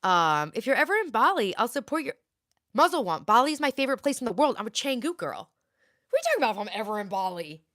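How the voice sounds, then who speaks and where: A woman's voice: a little high, big pitch swings, fast, a bit bright. A woman in her thirties chatting playfully with viewers on a casual home livestream. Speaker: livestream host. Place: home, indoors.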